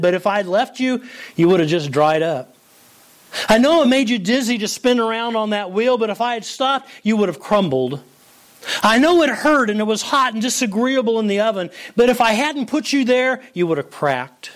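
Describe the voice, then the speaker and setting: A man voicing a patient master potter from a story, who calmly explains and reassures. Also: high voice, moderate pace, pitched above the performer's own voice. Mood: reassuring.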